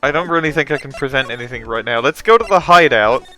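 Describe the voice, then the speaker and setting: A man's voice: medium pitch, fast, bright, forceful tone, soft background music. A man chatting casually while recording a fan game dub, hesitant and stammering, with some swearing. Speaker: fan voice actor.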